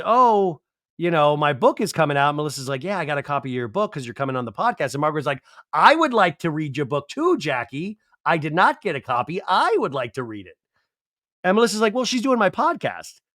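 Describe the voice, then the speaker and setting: A man's voice: on the high side, fairly bright tone, dry recording, studio quality. A man hosting a podcast, recapping a reality show in a chatty comedic way and mimicking the cast's lines. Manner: chatty, acts out cast members' lines in mocking voices.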